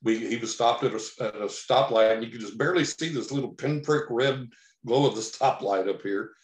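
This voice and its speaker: A man from Texas telling a long personal story as a podcast guest, animated, acting out the lines he quotes. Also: mid-range voice, brisk. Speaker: podcast guest, psychic investigator. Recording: roomy echo.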